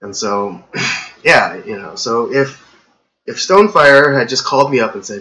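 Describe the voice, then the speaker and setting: A man's voice: medium pitch, very animated, moderate pace, pushed and bright, poor audio. A man hosting a podcast live stream, rambling through a casual rant full of "you know" fillers and getting worked up. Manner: gets worked up and ranting. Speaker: podcast host.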